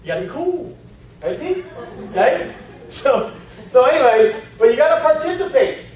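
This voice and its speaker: High-voiced man speaking in an echoey hall. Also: measured pace, recorded from a distance. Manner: animated storytelling with acted-out voices. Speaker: network marketing trainer. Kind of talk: energetic seminar talk. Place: large meeting room.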